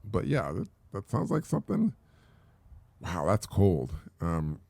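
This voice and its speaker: A man's voice: low voice, wildly swooping pitch, takes it slowly, vocal fry, mellow, husky, no echo. A middle-aged man hosting a solo podcast, talking in a rambling, casual way with many fillers and repeats. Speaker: podcast host.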